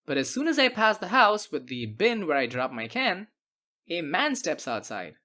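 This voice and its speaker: A woman reads scripted storytime narration with a lively, bouncing pitch that rises and falls all the way through. Her voice sits somewhat low, and she drops in dry, sarcastic asides. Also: normal speed. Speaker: narrator of animated internet stories.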